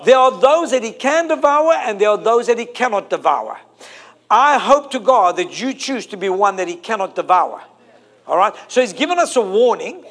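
A man's voice: sits high, big pitch swings, normal speed, a bit bright. A man, preaching a sermon to a congregation, emphatic and fond of repeating and stretching key phrases. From South Africa.

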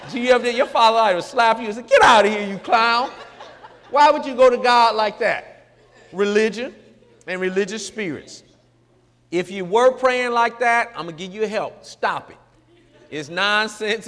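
A man's voice: sits high, fairly bright tone, in a large hall. A middle-aged man preaching in a folksy, joking, emphatic way. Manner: folksy, joking, emphatic, mocks formal prayer. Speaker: pastor. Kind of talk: sermon-style radio talk.

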